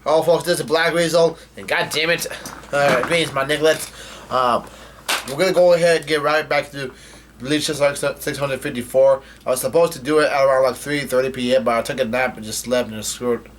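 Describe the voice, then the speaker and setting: Guy casually reading thru a manga chapter, lots of uhs, swears a bunch, normal pitch. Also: steady tone, fairly quick, fairly bright tone, a little hiss or hum. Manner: rambling, filler-heavy, swears freely. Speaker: manga reading channel host. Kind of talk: casual comic read-through with commentary.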